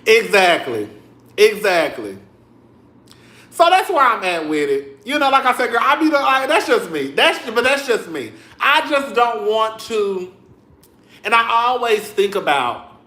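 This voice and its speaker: A young man giving sassy, animated commentary straight to his viewers in a casual vlog, full of cussing. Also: sits high, unhurried, pauses often, roomy sound. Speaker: vlogger. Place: home room.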